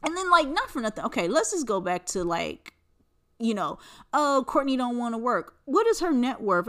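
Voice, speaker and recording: A woman's voice: a little high, sing-song, normal speed, bright, forceful tone. A woman in her forties hosting a casual solo podcast, talking in a blunt, profane, rambling way with lots of fillers. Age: 40s. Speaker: podcast host.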